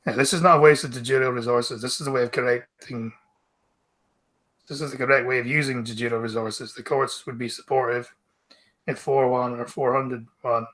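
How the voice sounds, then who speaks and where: A Scottish man with a bright, forward voice, chatting casually on a group stream. He reads news out loud and answers his friends with wry, dry humour. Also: medium pitch, fairly even intonation, brisk. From Scotland. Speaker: streamer host.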